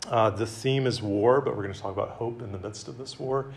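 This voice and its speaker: A man giving a conversational sermon to a campus group, with self-deprecating humor and a relaxed, chatty delivery. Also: mid-range voice, brisk, gravelly. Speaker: campus ministry speaker. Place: meeting room with an audience.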